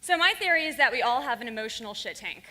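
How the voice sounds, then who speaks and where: A woman's voice: on the high side, expressive, fast, pushed and bright. A woman giving a frank, fiery and profane talk to a live audience in a conference hall. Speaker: conference speaker.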